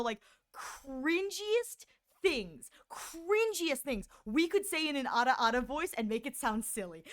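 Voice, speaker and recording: A young woman streamer chatting casually with viewers, rambling and animated, often stammering and restarting her words, with a voice she calls shrill.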